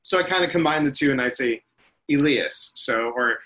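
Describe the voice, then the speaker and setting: A man's voice: mid-range voice, quick pace, pushed and bright, poor audio. A man in his fifties, a spiritual teacher and interview guest, telling his life story in a chatty, rambling way. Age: 50s.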